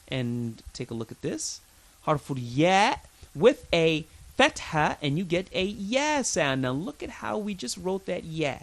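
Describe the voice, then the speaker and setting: A man's voice: fairly high pitch, sing-song, unhurried, a bit bright. A man teaching an Arabic lesson, patiently drilling pronunciation with lots of repetition, chatty and informal with his learners. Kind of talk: recorded language lesson.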